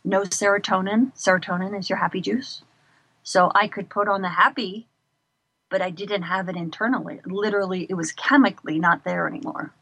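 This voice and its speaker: A middle-aged woman talking in a casual interview, an animated and expressive storyteller. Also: mid-range voice, a little fast, no echo. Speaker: guest.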